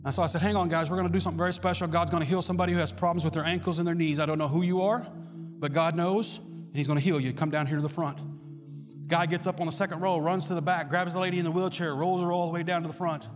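A man preaching a sermon, telling a story with lively swings into shouting. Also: a little high, rapid-fire. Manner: animated storytelling, bursts into shouts. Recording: long hall reverb with loud music.

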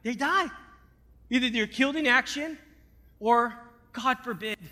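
Male preacher, sermon testimony, high bright voice, hushed to fervent, recorded in a reverberant hall. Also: unhurried.

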